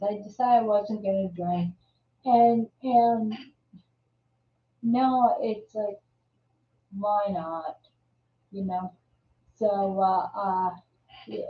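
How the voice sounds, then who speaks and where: Woman host, unhurried rambling chat, distant echoey mic. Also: a little high. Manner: rambling, many restarts and fillers. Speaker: live show host. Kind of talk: casual live-stream chat. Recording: roomy, distant, dull audio.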